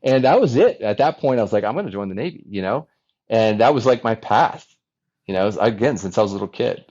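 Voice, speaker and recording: A man in his forties, a former fighter pilot, telling his story as a podcast guest in an animated, chatty way with many restarts. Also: fairly low pitch, a little fast, dull audio. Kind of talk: casual storytelling interview.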